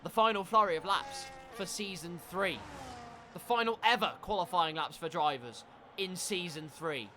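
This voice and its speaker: Man, sim race caller, high voice, excitable and jokey, noisy mix with engine sound under him. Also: normal speed. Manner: excitable, jokey, breaks into shouts. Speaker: sim racing commentator. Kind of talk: live esports race commentary.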